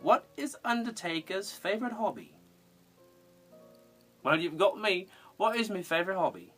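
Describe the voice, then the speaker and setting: Soft music sits under this fan parody, where a cosplayer stays in character as a fond, eccentric retired male undertaker from England, giggling and sing-song as he answers viewers. The delivery is animated and fairly bright, mid-range in pitch and at a normal speed.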